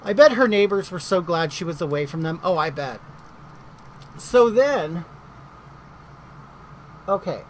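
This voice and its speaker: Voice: medium pitch, expressive, measured pace, pauses often, a little hiss or hum, rough recording. A middle-aged vlogger telling a story in casual chat, gossipy and indignant.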